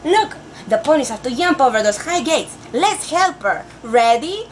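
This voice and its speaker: A woman's voice: high-pitched, very animated, a little hiss or hum. A woman playing a sing-song, overeager teacher. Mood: playful. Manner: sing-song teacher voice, drawn-out words, sprinkles Spanish phrases. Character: overeager female teacher persona, adult, playful. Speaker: pretend class teacher. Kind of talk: comic storybook read-aloud.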